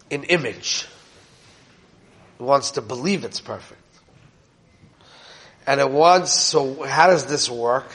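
A man's voice: mid-range voice, a bit bright. A man teaching an informal Torah class in a conversational way, often asking his listeners questions and mixing in Hebrew terms.

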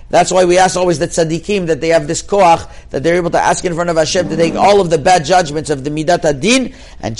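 Male rabbi, slightly high-pitched, expressive sermon delivery with Hebrew terms woven into English. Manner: expressive, drops to a hushed voice for suspense. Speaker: rabbi giving a Torah class.

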